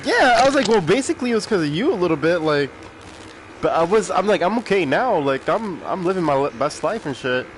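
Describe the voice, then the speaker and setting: A man in casual chat, animated and slangy, laughing often. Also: sits high, a little fast, slight background noise. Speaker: podcast co-host.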